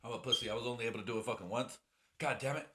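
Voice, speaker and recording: Man, podcast host, bright forceful voice, echoey room, profane, rambling. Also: mid-range voice, rapid-fire, slight background noise. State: drinking whiskey as he talks. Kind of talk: casual solo podcast chat.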